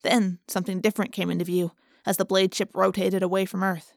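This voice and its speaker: A woman reading a first-person audiobook in a steady, measured storytelling voice. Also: mid-range voice, gravelly, no room sound, clean studio sound. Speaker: audiobook narrator.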